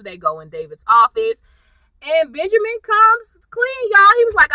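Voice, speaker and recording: A woman's voice: medium pitch, fairly quick, pushed and bright, no echo, rough recording. A woman, casually recapping a TV episode for viewers, chatty and sassy, calling them y'all.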